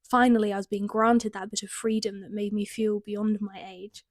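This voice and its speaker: A woman's voice: medium pitch, level tone, moderate pace, no echo. Wry young British woman reading aloud. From Britain. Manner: wry, self-mocking, laughing asides. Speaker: author reading her teen writing. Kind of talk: reading aloud with comic commentary.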